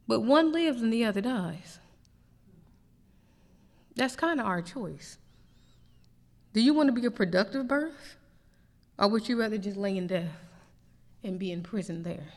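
A woman teaching a sermon in an animated, conversational way, acting out little asides as she preaches. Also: mid-range voice, unhurried, long pauses, big-room sound. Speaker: pastor, Bible teacher. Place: church sanctuary.

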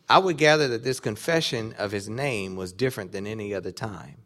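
A man delivers an animated sermon in a church or conference hall. His voice sits in an ordinary middle range, and he moves between building emphasis and quiet asides as he acts out short quoted exchanges. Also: mid-range voice, a little fast, few pauses. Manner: animated preaching, acting out quoted dialogue. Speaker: preacher.

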